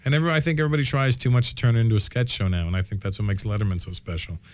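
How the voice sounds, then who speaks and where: A man's voice: fairly low pitch, steady tone, rapid-fire, darkish tone. A man in his forties, a comedian guest on a radio show, talking frankly and jokily, often laughing and stumbling over the first words of a sentence. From Canada. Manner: frank, joking, laughs often, stammers at starts. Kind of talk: casual radio interview chat. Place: radio studio. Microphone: studio mic.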